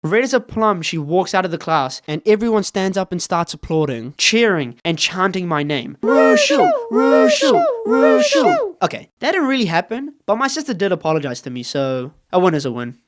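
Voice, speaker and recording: Lively young male storyteller. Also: fairly high pitch, brisk, few pauses. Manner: playful, wry, self-mocking. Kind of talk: comedic storytime narration.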